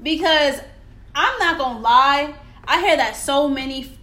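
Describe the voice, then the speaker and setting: A woman's voice: high-pitched, expressive, measured pace, pushed and bright. A young woman co-hosting a casual podcast chat, emotional and heartfelt, laughing often. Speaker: podcast co-host. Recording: echoey room with faint noise.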